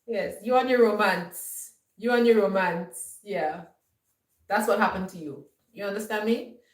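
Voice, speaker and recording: A woman's voice: mid-range voice, measured pace, roomy sound, recorded from a distance, low-quality recording. Emphatic, scolding woman vlogger. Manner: emphatic, scolding, repeats "you understand?". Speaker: homestead vlogger. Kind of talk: lecturing monologue.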